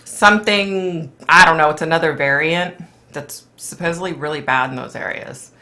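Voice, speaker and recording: A middle-aged woman from Philadelphia hosting a casual psychic livestream, chatting with viewers in a blunt, animated way and swearing freely. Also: low voice, normal speed. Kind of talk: casual livestream chat reading comments.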